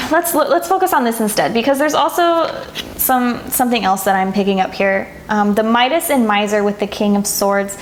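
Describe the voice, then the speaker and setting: Woman, tarot reader, soft and emotional, echoey room with faint hiss. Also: mid-range voice, moderate pace. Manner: soft, emotional, gets teary and laughs. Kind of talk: pick-a-card tarot reading to camera.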